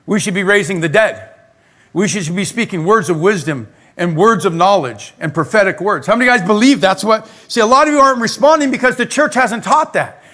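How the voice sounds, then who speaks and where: A male pastor preaching a lively sermon in a church, talking straight to the congregation. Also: sits high, brisk. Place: church sanctuary.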